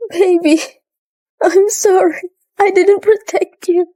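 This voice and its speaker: A heartbroken young heroine. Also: female voice, on the high side, slow, a little mellow. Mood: distraught. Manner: pleading, emotional. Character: heartbroken young woman, grieving and distraught. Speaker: heroine, a clerk. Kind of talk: dubbed drama acting.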